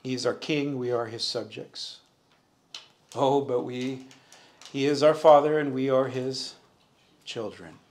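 A man's voice: mid-range voice, unhurried, long pauses, darkish tone. A man teaching a verse-by-verse sermon in church, preaching earnestly, rising for emphasis and calling on the congregation to answer. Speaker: Bible teacher. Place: church sanctuary.

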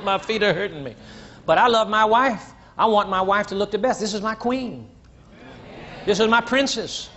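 An older man preaching a sermon to a congregation, teasing and blunt, rising to shouts and dropping low. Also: slight background noise. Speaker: pastor. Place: church. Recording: dull lo-fi church recording, faint crowd.

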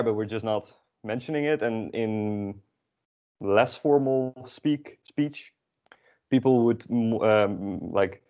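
Guy teaching a beginner dutch class, kinda low voice, loose and chatty, dull lo-fi audio. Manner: relaxed, chatty, explains with many fillers. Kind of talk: casual classroom lesson. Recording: dull lo-fi recording.

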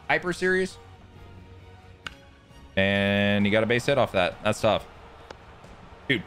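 A man giving excitable live commentary on his own gameplay, swearing freely and yelling at big plays. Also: medium pitch. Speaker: gaming YouTuber.

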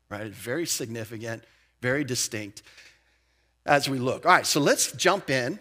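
A man preaching a sermon as pastor, in a lively, conversational way with casual asides. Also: medium pitch, moderate pace. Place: church sanctuary.

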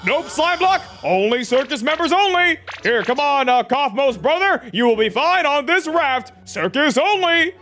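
A man acts out a bossy, secretive circus ringmaster in a game role-play, with a very high voice that swoops about. He proclaims everything with theatrical flair, and faint music plays behind. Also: animated, moderate pace, hardly any pauses, pushed and bright, exaggerated voice. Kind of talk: Minecraft role-play acting.

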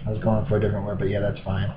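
A man in casual chat, speaking quietly and hesitantly as he searches for words. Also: on the low side, monotone, racing. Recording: thin phone-like sound with faint noise.

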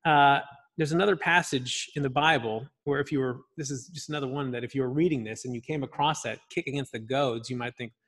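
A man's voice: medium pitch, fast talker, fairly bright tone. A man teaching a church Bible study class in a classroom. He speaks emphatically and keeps checking in with "right?". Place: church classroom, also streamed online.

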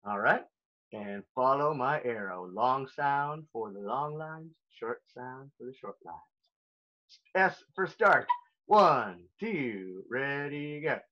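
A man's voice: medium pitch, lively intonation, slow, highs cut off. A man teaching a recorded elementary music lesson, upbeat and playful as he talks straight to young children.

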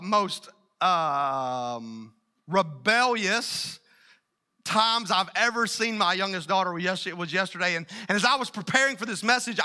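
A middle-aged man preaching a sermon as pastor, energetic and calling out to the congregation. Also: sits high.

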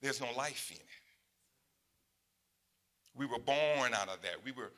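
A pastor in his sixties preaching a sermon in a conversational way, dropping to quiet asides and rising to loud, high exclamations. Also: expressive, unhurried. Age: 60s.

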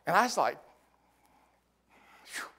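An older American man preaching a sermon as pastor, telling folksy stories with big swings in pitch and volume. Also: takes it slowly, bright, forceful tone.

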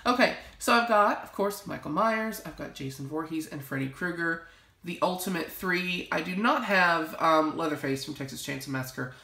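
A woman's voice: on the low side, lively intonation, moderate pace, sharp tone, echoey room. A young woman chatting casually to camera as she shows off her collection, gushing and rambling with lots of fillers. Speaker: vlogger showing a collection. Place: home library.

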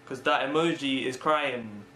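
A man's voice: mid-range voice, a little slow, pushed and bright, a little hiss or hum. A young man narrating his own prank video in a chatty, self-promoting way. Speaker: YouTuber doing a prank video. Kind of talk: casual vlog narration. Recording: roomy with music behind.

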